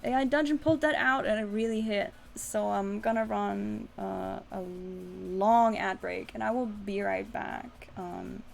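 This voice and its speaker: Woman, streamer, slow-paced, gravelly fry, reads game text aloud between casual viewer chat. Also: medium pitch, steady tone, faint music behind. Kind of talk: live-stream chat while reading a text adventure aloud.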